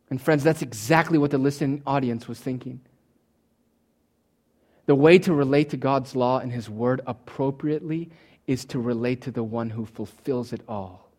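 A man preaching from the pulpit, his voice pitched a little higher than most men's. He swings from loud, emphatic declarations down to quiet, low asides, and now and then slips into voicing his listeners' imagined thoughts. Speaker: pastor. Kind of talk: sermon.

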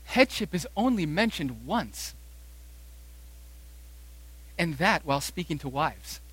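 A man preaching a sermon from the pulpit, his voice sitting a little high for a man. He hammers points home by repeating phrases and slows right down on quoted verses. The sound is dry and close, with no room echo. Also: big pitch swings, breathy edge. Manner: emphatic preaching, rising to loud stresses and slowing on quoted verses. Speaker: pastor.

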